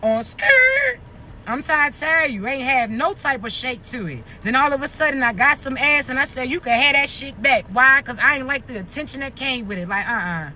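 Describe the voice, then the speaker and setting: A woman's voice: high voice, fairly quick, hardly any pauses, bright, forceful tone, slight background noise. Blunt, profane woman in her thirties. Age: 30s. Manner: blunt, profane, rhetorical questions. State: short of breath. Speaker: vlogger. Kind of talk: casual rant to camera.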